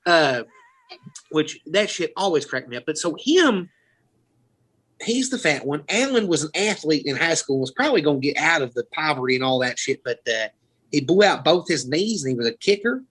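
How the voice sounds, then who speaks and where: A man's voice: on the high side, very animated, brisk, fairly bright tone, breathy edge, rough recording. A man from Florida, a podcast host telling rambling, profane stories in casual chat. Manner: rambling, profane, laughing storyteller.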